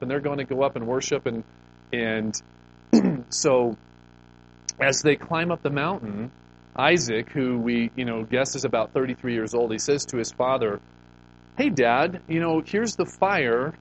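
A middle-aged man delivers a sermon in an expressive voice, reading scripture aloud and asking the congregation rhetorical questions. His voice is mid-pitched, neither high nor low. A faint hum sits under the recording. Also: moderate pace, dull audio. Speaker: pastor.

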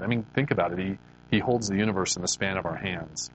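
Guy with a lowish voice doing a heartfelt devotional talk, chatty, keeps restarting words, faint hum behind. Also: quick pace, poor audio. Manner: earnest, conversational, repeats words as he restarts. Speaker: Christian speaker.

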